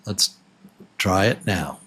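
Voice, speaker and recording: Guy teaching beginner english super slow, low husky voice, says each word over and over. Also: pushed and bright. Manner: patient, repeats words slowly, claps syllables. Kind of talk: slow, clearly spoken beginner English lesson.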